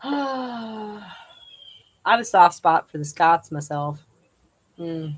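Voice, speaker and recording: A woman's voice: lowish voice, animated, slow, breathy edge, poor audio. A woman hosting a live chat outdoors, casually reading viewer comments aloud and laughing often.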